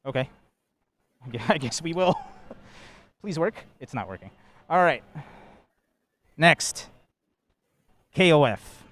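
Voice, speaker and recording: A man's voice: on the high side, slow pace, long pauses. A man hosting a live fighting-game show from a convention floor, joking and a bit out of breath. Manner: energetic, joking, says he is out of breath. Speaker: host. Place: large indoor convention hall floor.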